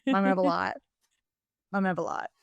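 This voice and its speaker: A woman co-hosting a podcast, recapping a book in a casual, animated and joking way, with plenty of swearing. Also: lowish voice, very fast, dry recording, muffled recording. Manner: animated, profane, joking storyteller. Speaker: podcast co-host.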